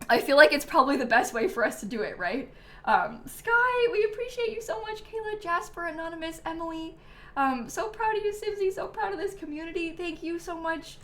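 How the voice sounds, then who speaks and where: Thanking viewers by name, this livestream host speaks in a high, fairly bright voice. She's giggly and talkative, her speech loaded with ums and likes.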